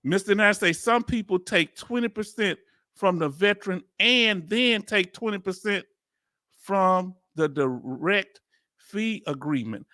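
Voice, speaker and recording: A man's voice: high-pitched, expressive, a little slow, bright, forceful tone, no room sound, studio quality. A man with a Southern accent hosting a reaction video, talking in casual slang, incredulous and laughing often. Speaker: video host reacting to a hearing.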